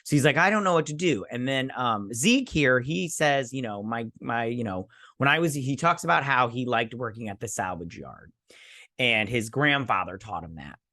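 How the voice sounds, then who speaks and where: Man, casual recap host, sarcastic, rambling, average pitch, dry room. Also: expressive, moderate pace, pushed and bright, no echo. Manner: sarcastic, rambling, quotes characters in put-on voices.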